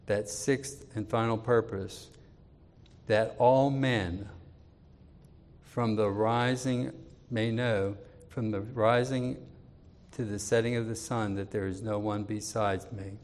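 A man preaching in a deliberate, unhurried way, his voice sitting somewhat low. Scripture readings come out louder and firmer, and personal appeals drop soft and quiet. Long reverb hangs on his words. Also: little pitch movement. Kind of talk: expository sermon.

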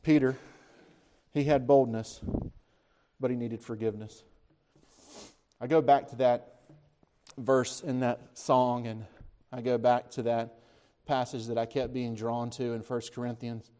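A man's voice: a little slow, clean tone. A man preaching a sermon, retelling scripture as a story, asking his listeners questions and lifting his voice when he speaks the disciples' lines. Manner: animated storytelling, voices the disciples' words with rising pitch; conversational, asks the listeners questions.

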